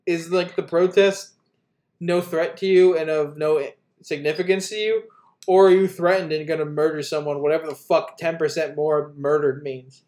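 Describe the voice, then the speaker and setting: Podcast co-host, male, high voice, sarcastic and profane in casual political talk. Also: fairly even intonation, moderate pace, darkish tone.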